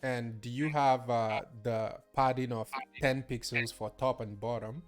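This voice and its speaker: A man's voice: medium pitch, steady tone, a little slow, soft background music. A young man with a Nigerian accent, patiently guiding a friend through a live coding lesson and laughing easily. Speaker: coding teacher.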